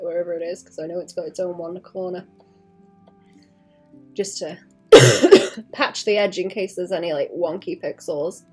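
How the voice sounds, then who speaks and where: A woman artist on a casual livestream, rambling as she thinks aloud about her drawing and adding playful sound effects. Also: lowish voice.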